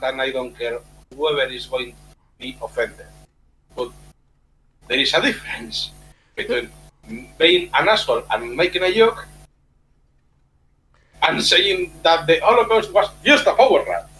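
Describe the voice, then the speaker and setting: Blunt guest guy, lively swingy voice, faint hum behind. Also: fairly high pitch, a little slow, long pauses, low-quality recording. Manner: blunt, emphatic, swears. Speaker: returning guest. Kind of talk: casual chat. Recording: faint background noise and hum.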